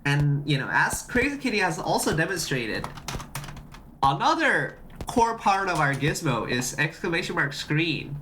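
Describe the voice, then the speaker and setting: Excitable streamer on desk mic, bouncy pitch, keeps repeating phrases. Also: unhurried, slight background noise. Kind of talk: casual live-stream chat demoing a project.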